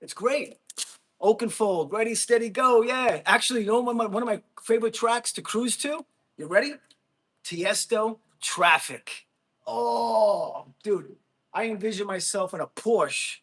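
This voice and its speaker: Excitable and laughing often, this Jersey City livestream host, a Marine veteran in his thirties, jumps between topics as he chats with viewers. His voice sits fairly high, and he keeps firing questions at the chat.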